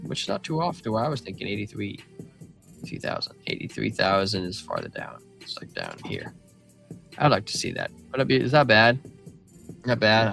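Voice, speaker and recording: A man hosting a live crypto chart stream, talking loosely and excitedly with slang like man and bro. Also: lowish voice, creaky. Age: adult father of a young child. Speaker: crypto livestream host. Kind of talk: casual market chart commentary.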